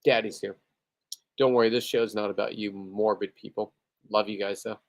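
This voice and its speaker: A man's voice: fairly low pitch, steady tone, normal speed, creaky. A loose, rambling man talks straight to his viewers on a livestream, a little tipsy after a few beers. He swears freely and boasts between stray asides in a casual, unscripted way. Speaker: livestreaming spearfisherman.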